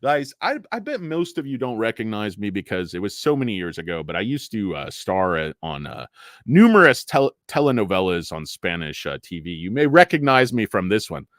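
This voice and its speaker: Middle-aged man, stock show host; animated, swinging ranting delivery, jokey and crude, dry close-miked sound. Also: lowish voice, brisk, no echo. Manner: rambling, jokey, profane ranting with tangents. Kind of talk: ranting livestream commentary.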